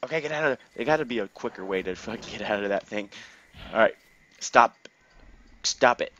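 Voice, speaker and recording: A man commentating his own gameplay casually, excitable, laughing and swearing often. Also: lowish voice, fast, dull audio.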